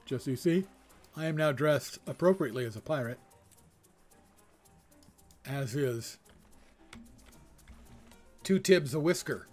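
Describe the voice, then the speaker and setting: A man casually commenting on his game in a relaxed, self-deprecating way, reading game text aloud. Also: on the high side, slow pace, pauses often, soft background music. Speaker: game streamer.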